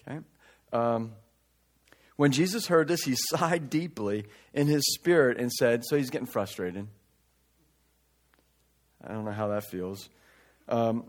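A man preaching a conversational sermon, reading scripture and breaking into casual asides, swinging between loud emphatic lines and quiet remarks. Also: mid-range voice, big pitch swings, normal speed, long pauses. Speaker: pastor.

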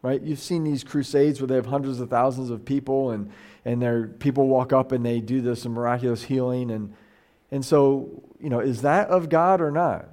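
A man's voice: mid-range voice, normal speed, mellow. A middle-aged man teaching a Bible study as a pastor, talking casually and animatedly, with frequent restarts and quoted voices acted out. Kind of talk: casual conversational sermon.

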